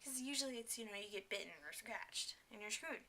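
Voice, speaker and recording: A young woman talking casually to her camera at home, chatty and enthusiastic, with many fillers and quick asides. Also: a little high, pushed and bright. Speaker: vlogger.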